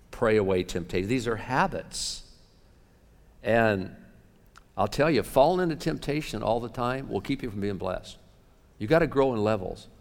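A man preaching a sermon as pastor, animated, shifting between loud outbursts and hushed asides. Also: fairly low pitch, creaky. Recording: long reverb of a large hall.

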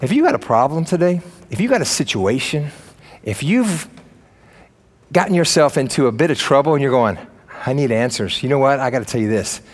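A man preaching a sermon as pastor, swinging between loud emphatic lines and low quiet ones, with casual slang. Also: lively intonation, a little fast.

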